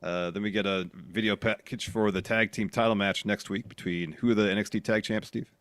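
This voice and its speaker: A man's voice: on the low side, steady tone, a little fast, a bit bright, no echo. A man co-hosting a podcast, recapping wrestling episodes in a plain, matter-of-fact way. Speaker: podcast co-host.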